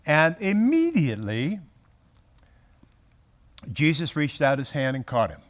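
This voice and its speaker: Animated man teaching a Bible study. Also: fairly high pitch, slow, pauses often. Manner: animated, self-interrupting, acts out quotes. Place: room with a group.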